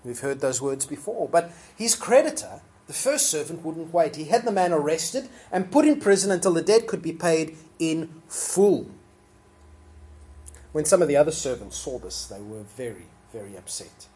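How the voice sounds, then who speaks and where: A preacher giving a sermon in a relaxed, conversational way with fillers, now and then acting out the people quoted. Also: medium pitch, moderate pace.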